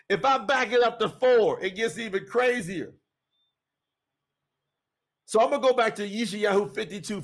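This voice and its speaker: Man, scripture teaching, husky voice, emphatic, repeats phrases. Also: high-pitched, a bit bright. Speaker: podcast preacher.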